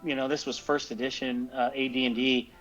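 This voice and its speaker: A man's voice: medium pitch, flat delivery, fairly quick, fairly bright tone. A man in his fifties tells a long, rambling story in casual chat, with many restarts. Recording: dull lo-fi audio with faint music.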